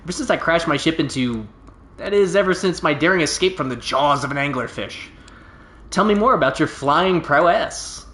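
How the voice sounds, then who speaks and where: A man with a high, bright, forceful voice reads video game dialogue aloud in a roomy, echoing recording. He plays a boastful, laid-back stranded alien pilot, spinning his tale in a folksy drawl.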